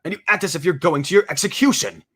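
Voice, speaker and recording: A man's voice: on the high side, quick pace, a bit bright, breathy edge, voice pushed up. A man doing a smug rich fiancé. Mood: scolding. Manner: smug, condescending. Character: arrogant wealthy young man, possessive fiancé.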